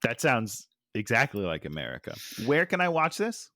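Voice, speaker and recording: A man's voice: mid-range voice, wildly swooping pitch, bright, forceful tone, dry recording. Wry, teasing man on a dry mic. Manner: wry, teasing, quick short replies. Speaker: podcast co-host. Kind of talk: casual movie podcast chat.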